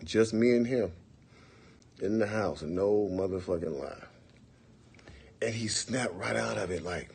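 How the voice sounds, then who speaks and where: A man in his forties telling a long, profane story on a livestream, acting out the quotes in bursts of loud, animated talk. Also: lowish voice, a little slow, gravelly, long pauses, breathy edge. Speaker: livestream host. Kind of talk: casual storytelling.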